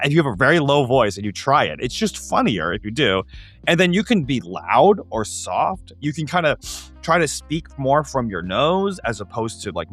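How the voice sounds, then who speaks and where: A man hosting a tabletop gaming show, explaining ideas in an animated, casual way with quick asides. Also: mid-range voice.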